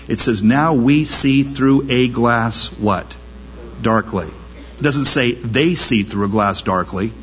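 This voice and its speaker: A male pastor preaching with a husky, slightly breathy voice that climbs high whenever he exclaims. He builds his points through rhetorical questions and repetition. The recording sounds dull and lo-fi, as if taken from an old sermon tape. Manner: impassioned, rhetorical questions, voice rising sharply on exclamations.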